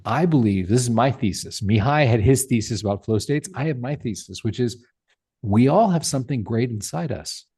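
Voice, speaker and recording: A middle-aged man gives an animated podcast interview, pressing his points with emphatic rhetorical questions. His voice is husky and breathy at the edges, with a warm, mellow tone at an average pitch. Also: moderate pace. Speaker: podcast guest, tech founder.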